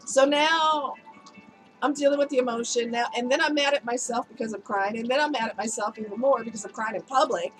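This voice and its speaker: Woman vlogger, slightly higher voice, a bit strained from a cold; chatty and open, talks straight to camera. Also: brisk, faint music behind, low-quality recording. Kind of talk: candid personal storytelling.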